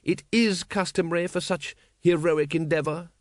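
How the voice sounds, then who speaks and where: A man voicing a cool, aristocratic male city ruler who speaks slowly with a smooth, polite drawl. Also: mid-range voice, sing-song, no room sound, clean studio sound.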